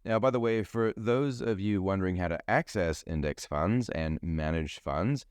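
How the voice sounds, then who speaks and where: Guy hosting his own podcast, deep voice, chatty and jokey, dry close sound. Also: moderate pace, smooth, dry recording. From New Zealand. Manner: chatty and jokey, food metaphors. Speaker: podcast host; financial advisor. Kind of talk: solo podcast monologue.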